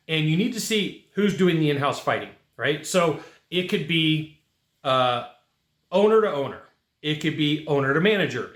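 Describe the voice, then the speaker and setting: A man's voice: on the high side, a bit bright, reverberant. A man hosting a career advice channel, talking directly and repetitively with emphatic rhetorical asides. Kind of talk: casual advice monologue.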